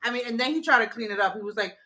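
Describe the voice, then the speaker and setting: A woman chatting casually with her husband, telling a story in an animated way and laughing often. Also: on the high side, very fast. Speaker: guest, co-host wife. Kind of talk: casual chat.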